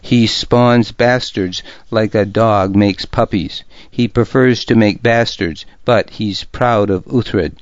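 A man's voice: on the low side, takes it slowly, hardly any pauses, dry recording. A man reading the part of a proud, bitter noblewoman and mother, delivering her lines sharply and defiantly, in an audiobook. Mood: scornful. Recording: dull lo-fi recording.

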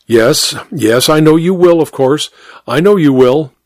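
Male reader playing a proud cold doctor, clipped stiff speech, lively pitch swings, dry sound. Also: measured pace, dry recording. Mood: nervous. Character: cold, proud, nervous doctor, adult man.

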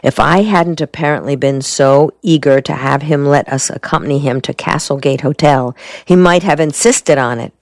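Man reading as a calm, shrewd defense lawyer in an audiobook, low and measured. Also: dry recording, studio quality, close to an everyday voice.

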